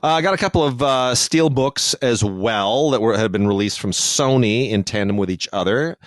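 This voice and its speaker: A man's voice: medium pitch, normal speed, no room sound, studio quality. A man co-hosting a podcast about film releases, talking in a thoughtful, digressive way with many restarts and fillers. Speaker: podcast co-host reviewing home video releases. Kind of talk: casual podcast discussion.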